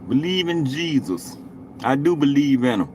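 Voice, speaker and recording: A man's voice: on the high side, big pitch swings, normal speed, a little mellow, slight background noise. A man in his late forties chatting casually to viewers on a live stream, rambling and cursing, and tagging most thoughts with "you know what I'm saying.". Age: 40s.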